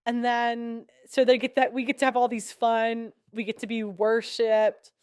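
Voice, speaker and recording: Young woman ranting on her podcast, sarcastic and blunt, smooth higher voice, dry sound. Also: flat delivery, a little slow, a little mellow, dry recording. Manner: blunt, sarcastic, laughs between points. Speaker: podcast host. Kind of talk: casual opinionated commentary.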